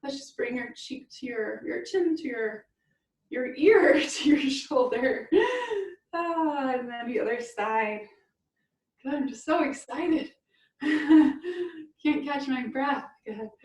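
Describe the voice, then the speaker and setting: A woman's voice: a little high, unhurried, recorded from a distance. Upbeat woman guiding a cool-down, echoey room. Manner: encouraging, upbeat, laughs often. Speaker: fitness instructor. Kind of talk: guided cool-down and stretch class. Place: room at home on a video call.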